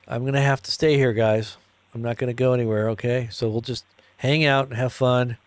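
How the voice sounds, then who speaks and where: A man's voice: mid-range voice, steady tone, a little fast, smooth, dry recording. A tired man hosting a live news commentary stream, rambling and joking with viewers. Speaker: host.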